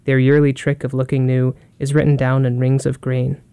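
Flat, mellow man reading poetry. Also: medium pitch, gravelly, clean tone, dry recording. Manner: calm, measured reading. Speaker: poetry reader.

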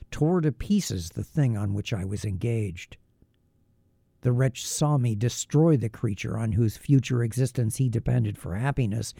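A man narrating a novel in first person, with a measured, grave, literary reading. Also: mid-range voice, gravelly, warm tone, no room sound, studio quality. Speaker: audiobook narrator.

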